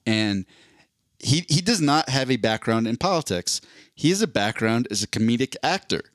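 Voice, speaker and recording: A man's voice: medium pitch, animated, moderate pace, no echo, clean studio sound. A man co-hosting a casual podcast chat, rambling and restarting as he explains things at length. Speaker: podcast co-host.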